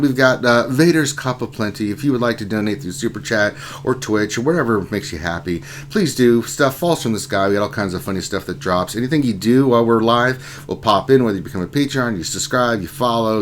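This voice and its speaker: A man's voice: medium pitch, a little fast, few pauses, slight background noise. A man hosting a casual livestream, reading out chat names and greeting viewers one by one. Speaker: livestream host.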